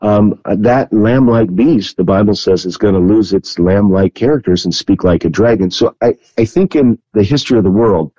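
A man being interviewed, answering at length in a measured, earnest way with frequent hesitations. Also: fairly low pitch, warm tone, no echo, poor audio. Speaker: guest. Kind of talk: interview answer on biblical prophecy.

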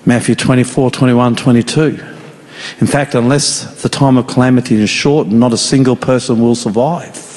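A man preaching a sermon in an earnest, pleading, slow and emphatic way. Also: medium pitch, fairly even intonation, a little mellow. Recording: long reverb of a large hall.

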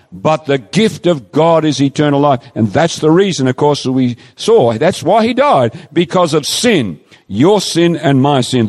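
A man preaching a sermon in a fairly high, very animated voice, swooping up and down as he stresses each point. He stretches out scripture quotes slowly and pleadingly. His voice rings with a long reverb, as if in a large hall. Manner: emphatic, pleading, drawn-out quoting of scripture.

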